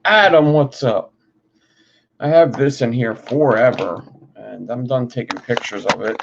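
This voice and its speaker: A man's voice: medium pitch, a little slow, vocal fry. A man chatting casually while he builds vape coils, offhand and swearing now and then. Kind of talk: casual workshop chat. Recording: dull lo-fi home recording with faint noise.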